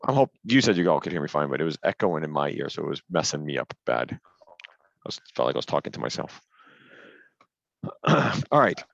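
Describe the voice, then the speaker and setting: A man's voice: extremely low pitch, animated, a little fast, creaky, pauses often, no room sound, highs cut off. A man teaching an online class over a headset, explaining step by step in a patient way and stressing the rules firmly.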